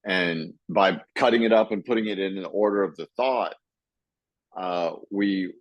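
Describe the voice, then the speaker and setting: A man co-hosting a casual book chat, reading passages aloud and thinking out loud with many fillers and restarts. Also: low voice, unhurried, no room sound, dull audio. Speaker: podcast co-host.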